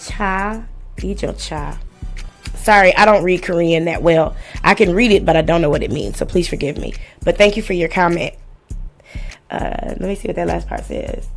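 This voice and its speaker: A woman's voice: lowish voice, creaky. A woman hosting a live stream, reading and commenting on a lawsuit in a blunt, profane and sarcastic way.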